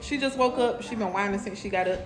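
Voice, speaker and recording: A woman's voice: medium pitch, fast, faint music behind. Chatty woman vlogging in the kitchen. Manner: chatty, addresses viewers as y'all. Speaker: cooking vlogger. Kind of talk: casual vlog chat.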